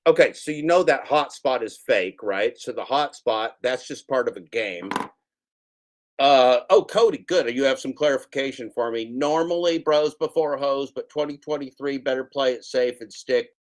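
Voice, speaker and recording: A man's voice: medium pitch, normal speed. A man hosting a casual reaction stream, commenting on clips with playful, jokey mock warnings to his viewers.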